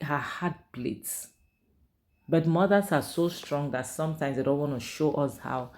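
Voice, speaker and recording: Man, series reviewer, gravelly mid-pitched voice, animated and emotional casual recap. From Nigeria. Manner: animated, emotional retelling with conversational fillers.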